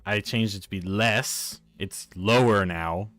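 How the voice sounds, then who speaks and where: A man's voice: on the low side, takes it slowly, a bit bright, no room sound, faint music behind. A man with a Newfoundland accent, chatting casually on a live stream and arguing with viewers about his microphone. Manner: exasperated, arguing with chat about his mic.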